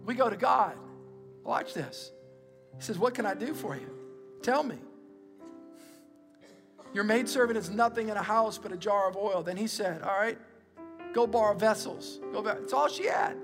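A middle-aged male pastor giving an energetic, emphatic sermon and calling on the congregation to repeat after him. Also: high voice, normal speed, gravelly, long pauses. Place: church auditorium. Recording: long reverb in a large hall, with music.

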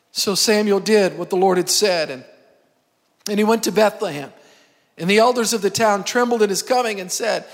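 A man preaching a sermon as pastor, animated, calling on the congregation to respond. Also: high voice, in a large hall. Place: church sanctuary.

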